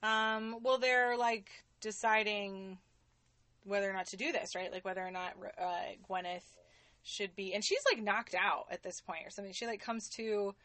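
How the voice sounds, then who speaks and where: A woman co-hosting a podcast, talking in a loose, casual way full of "like" and the odd swear word. Her voice sits at a middle pitch. The sound is dry and close, with no room around it. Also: flat delivery, moderate pace, bright, forceful tone, no echo. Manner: loose, profane, lots of "like". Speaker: podcast co-host. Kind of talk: casual chat.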